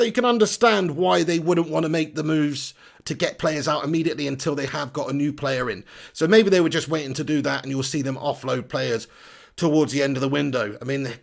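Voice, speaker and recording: A man hosting a live stream, chatty and energetic, reading out viewer comments. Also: a little high, fairly quick, creaky. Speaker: football fan channel host.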